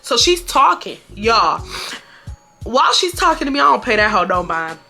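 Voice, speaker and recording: A woman in her twenties from Houston, telling a casual storytime in an animated, emphatic way that repeats lines for effect. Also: on the high side, moderate pace, soft background music. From Houston, Texas. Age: 20s. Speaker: vlogger.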